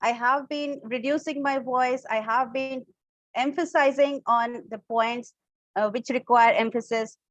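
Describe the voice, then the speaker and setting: A woman with an Indian English accent runs an online public speaking class, explaining each point and demonstrating different tones of voice. Her voice sits high. The recording is dry and slightly dull, as from a call. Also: fairly even intonation, unhurried, fairly bright tone, no echo. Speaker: public speaking workshop instructor. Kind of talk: live online class teaching.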